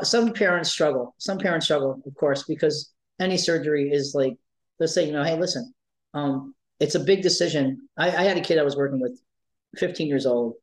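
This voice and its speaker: A man with a high-ish voice, heard through a low-quality recording, tells stories in a conversational interview. He works as a life coach for trans and non-binary youth and speaks emphatically, repeating key phrases for weight.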